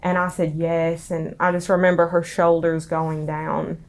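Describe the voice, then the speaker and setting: A young woman with a Southern US accent speaks through tears in a quiet, halting way, pausing and restarting often. Her voice sits low and moves little in pitch, giving a flat, subdued delivery. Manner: halting, soft-spoken, many pauses and restarts. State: crying. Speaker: interviewee. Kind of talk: emotional personal testimony.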